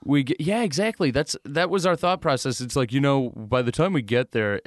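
A man co-hosting a podcast, telling an animated story in casual chat and mumbling the lines of the people in it. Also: medium pitch, a little fast. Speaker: podcast co-host.

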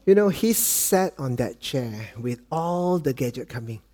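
This middle-aged Malaysian preacher, speaking English with a Malaysian accent, recounts a family tale in his sermon. His voice dips soft and low on quoted lines, and he tells dad jokes in an animated yet unhurried way.

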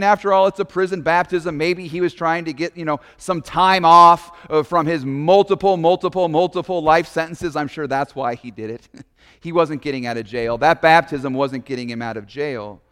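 A man's voice: fairly high pitch, normal speed, a bit bright, clean tone, in a large hall. A man, a pastor, preaching a sermon in a conversational, storytelling way with casual asides.

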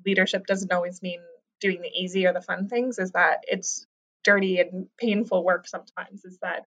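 A woman's voice: fairly low pitch, steady tone, normal speed, a bit bright, dull audio. A woman interviewer asking guests questions in an upbeat, chatty way. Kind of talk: interview hosting.

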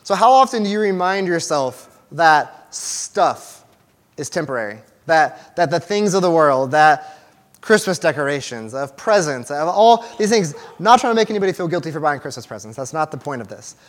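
A man's voice: fairly high pitch, very animated, moderate pace. A young man giving a casual, conversational sermon to a small church group, with restarts and fillers as he talks to the room. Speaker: church teacher.

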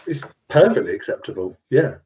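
A man's voice: medium pitch, sing-song, a little fast, crowd noise. A man co-hosting a podcast, talking in joking, chatty banter. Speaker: podcast co-host. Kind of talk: casual chat. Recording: dull lo-fi sound.

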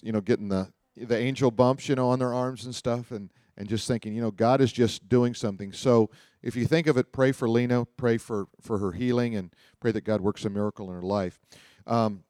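A man's voice: fairly low pitch, dark tone, dry recording, clean studio sound. A man preaching, telling personal stories in a loose, rambling way with frequent restarts. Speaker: pastor. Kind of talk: sermon storytelling.

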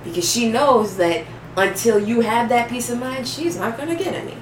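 A woman co-hosting a casual chat, blunt and laughing often, with sudden loud bursts. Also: a little high, normal speed. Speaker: podcast co-host. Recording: roomy echo, distant mic, noisy background.

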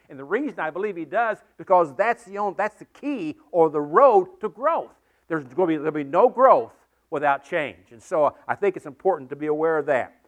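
High-voiced earnest preacher man. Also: fairly bright tone. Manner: earnest, repetitive, builds to emphatic peaks. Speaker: pastor. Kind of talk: sermon. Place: church sanctuary with congregation.

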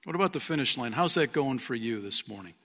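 A man preaching in a church sanctuary, his bright, forceful voice ringing out with a long hall reverb. He is an earnest pastor who talks straight to his listeners and asks them questions. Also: mid-range voice, lively intonation, fast. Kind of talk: sermon.

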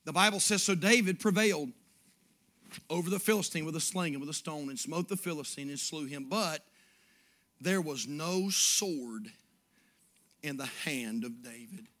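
A pastor preaches in a church with a bright, forceful voice that sits a little high for a man. He swings from hushed, intimate passages up to loud, shouted peaks. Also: moderate pace, long pauses. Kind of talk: sermon. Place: church sanctuary.

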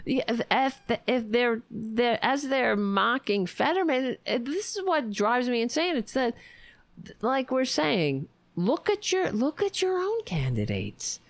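A woman hosting a political talk show, speaking indignantly and profanely, with many halting restarts. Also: fairly high pitch, very animated, no echo. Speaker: podcast host.

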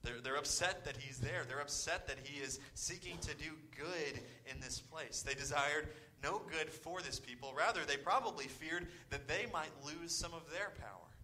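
A man's voice: on the high side, normal speed, few pauses, sharp tone, slight background noise, low-quality recording. A man preaching a sermon, earnest and often repeating his words, sometimes dropping almost to a whisper. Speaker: pastor.

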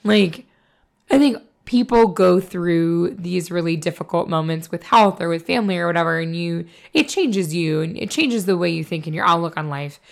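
Creaky, hoarse woman chatting bluntly. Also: lowish voice, normal speed. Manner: blunt, sweary, rambling with many fillers. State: hoarse from a cold. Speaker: podcast co-host. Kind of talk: casual chat.

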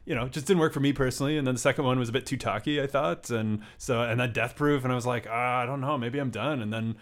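A man's voice: medium pitch, fast talker. A man co-hosting a casual film podcast. He rambles and hesitates, restarting his sentences and filling them with "like" and "you know.". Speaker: podcast co-host. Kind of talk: casual chat about films.

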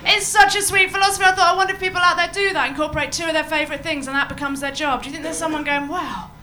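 A woman's voice: high-pitched, steady tone, very fast, sharp tone, a little hiss or hum. A woman doing a stand-up set to a live audience, chatty and bawdy, laughing at her own jokes. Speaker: stand-up comedian. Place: comedy venue with a live audience.

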